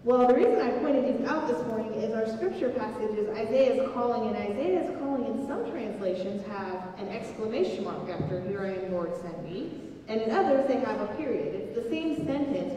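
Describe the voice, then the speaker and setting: A woman pastor giving a children's message, explaining gently and slowly to children in a church sanctuary. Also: a little high, slight background noise. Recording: echoey church hall from far off.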